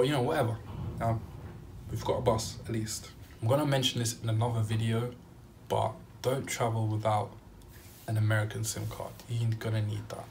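A young man vlogging a travel story, animated and acting out what he said at the time. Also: fairly low pitch, a little hiss or hum. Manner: animated storytelling, acting out his own quotes. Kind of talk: storytime vlog.

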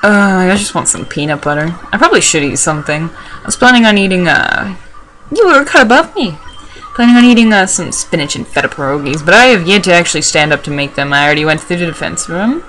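A young woman with a lowish voice chatting over a video game as she plays. She rambles from topic to topic, talks to herself and swears freely. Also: lively intonation, quick pace, fairly bright tone, a little hiss or hum. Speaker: let's play host. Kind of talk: casual gameplay commentary.

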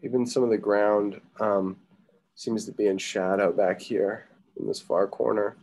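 A man teaches a drawing lesson as he works. His voice sits low, and his talk wanders easily between instructions and asides. He pauses often with ums. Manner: relaxed, thinking aloud with many ums. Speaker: art teacher. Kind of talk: casual live drawing lesson.

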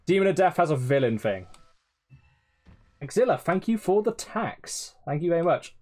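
Lively, cursing male game streamer. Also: a little high, moderate pace. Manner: swears often and teases chat; laughs often. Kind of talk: live gameplay commentary.

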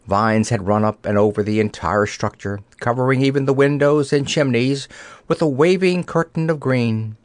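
A man reading a children's fantasy book aloud as narrator, in an expressive storytelling way. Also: mid-range voice, dry recording. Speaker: audiobook narrator.

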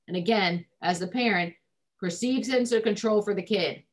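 A woman's voice: medium pitch, moderate pace. A woman family therapist giving advice in a recorded discussion, conversational with frequent ums and likes.

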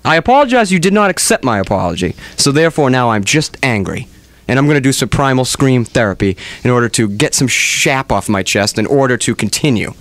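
A man's voice: mid-range voice, a bit bright, dry recording. A man hosting a comedic radio show on a studio microphone, ranting in mock-melodramatic exasperation.

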